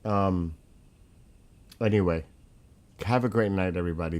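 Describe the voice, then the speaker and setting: Rushed man hosting a livestream. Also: fairly low pitch, a little mellow. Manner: rushed, talks to chat directly. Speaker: livestream host. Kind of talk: casual livestream chat.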